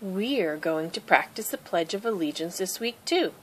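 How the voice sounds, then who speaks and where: A woman voicing a kind schoolteacher who explains things patiently to her class, in a clear, encouraging storybook reading. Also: on the low side, animated, normal speed, a little hiss or hum, close to an everyday voice.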